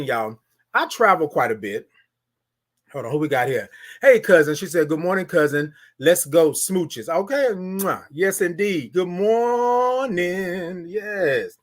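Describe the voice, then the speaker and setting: A man from Houston with a Texan accent, hosting a live morning talk show, calling out to his viewers and greeting them by name. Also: high voice. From Houston, Texas. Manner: animated, preachy call-and-response with the audience. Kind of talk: live-stream morning talk with chat shoutouts.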